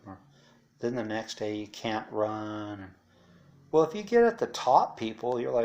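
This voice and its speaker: A man's voice: on the low side, moderate pace, darkish tone, dull audio. A man telling his story in a blunt, profane, rambling way, full of asides. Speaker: interviewee recounting life after incarceration. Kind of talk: casual storytelling monologue.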